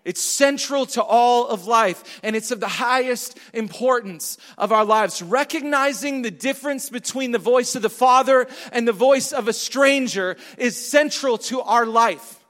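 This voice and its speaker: A pastor preaching a sermon, emphatic and repetitive, asking the congregation questions. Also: male voice, extremely high pitch, unhurried, hardly any pauses, fairly bright tone. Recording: long hall reverb.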